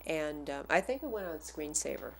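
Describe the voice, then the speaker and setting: Lower-voiced woman telling a fan story. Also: normal speed, gravelly, a little hiss or hum. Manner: animated, acts out the voices of the people in her story. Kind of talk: casual personal storytelling.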